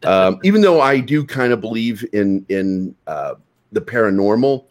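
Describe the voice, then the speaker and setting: A man's voice: fairly low pitch, normal speed. A man telling stories in a casual, profane chat. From United States. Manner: profane, animated storyteller.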